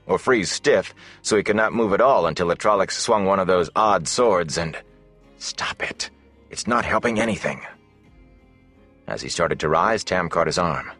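A man narrating a fantasy audiobook in a measured, steady way. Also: sits low, no echo.

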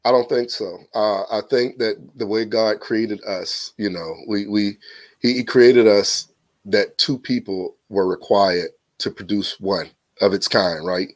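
A man's voice: lowish voice, steady tone, unhurried. A man, a podcast guest, telling a personal story in a casual, earnest way, often repeating words as he starts a thought. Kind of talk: casual testimony.

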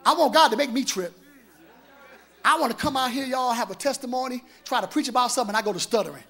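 High-pitched shouting preacher man. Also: quick pace. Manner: exuberant, shouting, laughing, call-and-response with congregation. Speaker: pastor. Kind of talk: Easter sermon preached live. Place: church sanctuary. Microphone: handheld microphone.

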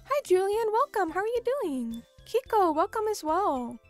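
A woman's voice: very high voice, very animated, moderate pace, faint music behind. A young American woman streamer chatting casually with her viewers, talking loosely with lots of fillers as she reads and answers chat. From United States.

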